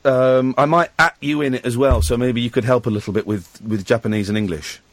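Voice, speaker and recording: A man hosting a late-night radio phone-in from a studio, excitable and jokey, laughing often. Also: medium pitch, brisk. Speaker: radio host. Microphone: studio microphone.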